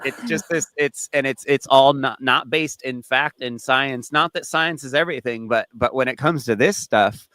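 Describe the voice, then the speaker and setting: A man hosting a casual podcast, telling stories in a rambling, animated way with frequent restarts and swearing. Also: mid-range voice, moderate pace, few pauses, dry recording. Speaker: podcast host.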